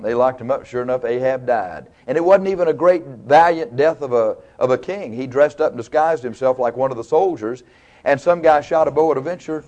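A man's voice: medium pitch, darkish tone, highs cut off. A man preaching a sermon, retelling stories in a folksy, colloquial, dramatic way. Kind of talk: sermon, storytelling.

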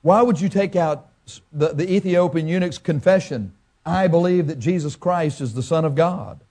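A man's voice: on the high side, normal speed, warm tone. A man preaching a sermon as a pastor, in a folksy way, with farm comparisons and rhetorical questions. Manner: farm analogies.

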